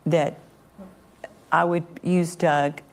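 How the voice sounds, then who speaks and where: Female interviewee, low-pitched, measured and matter-of-fact. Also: flat delivery. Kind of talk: recounting events in an interview.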